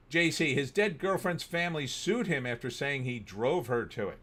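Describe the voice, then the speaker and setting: A middle-aged man, hosting a livestream and telling animated stories between reading chat comments, sometimes bursting into shouting. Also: fairly high pitch, moderate pace, hardly any pauses. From New Jersey. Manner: animated storyteller, bursts into shouting when riled. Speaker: host.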